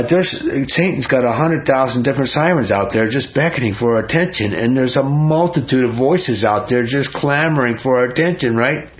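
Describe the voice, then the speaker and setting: A man's voice: medium pitch, lo-fi sound. A man leading an informal Bible study, talking earnestly and conversationally and putting questions to his listeners. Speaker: Bible teacher.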